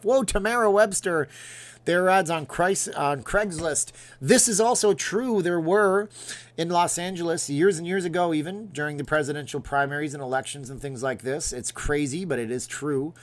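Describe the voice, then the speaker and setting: A man's voice: fairly high pitch, normal speed. Rambling male livestream host. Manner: rambling, reads viewer names and comments aloud. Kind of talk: casual livestream chat.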